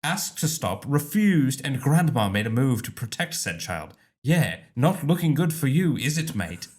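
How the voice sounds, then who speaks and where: A no-nonsense bus driver with a put-on British accent, firm and dry, as a man reads him. His pitch swings lively through each line. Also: measured pace.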